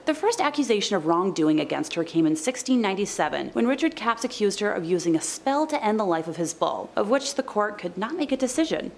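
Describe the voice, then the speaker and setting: Lively woman narrating history. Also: mid-range voice, slight background noise. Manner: wry asides and laughs. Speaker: narrator of a countdown video. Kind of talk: scripted countdown narration.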